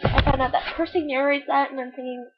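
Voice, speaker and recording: A woman's voice: high voice, steady tone, a little fast. A teenage girl chatting casually about books to her webcam, giggly and full of filler words. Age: teens. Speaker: book vlogger. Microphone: webcam microphone. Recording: dull webcam audio with faint hiss.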